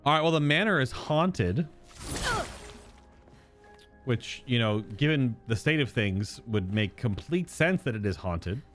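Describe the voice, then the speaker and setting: A man's voice: medium pitch, lively intonation, measured pace, long pauses, a bit bright, faint music behind. A man giving casual, playful commentary while playing through a video game, joking and thinking aloud as he explores. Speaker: let's play host.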